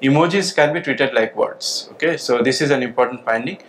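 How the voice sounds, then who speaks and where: A man giving a conference lecture, speaking in a measured way with frequent "okay" and "uh" fillers. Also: mid-range voice, fairly bright tone, slight background noise, poor audio. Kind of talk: conference talk.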